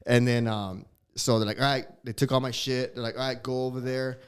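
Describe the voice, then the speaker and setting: A man's voice: medium pitch, little pitch movement, quick pace, clear, resonant tone. A man chatting as a comedian guest on a podcast, telling stories in a profane, slangy way with frequent laughter. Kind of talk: casual storytelling chat.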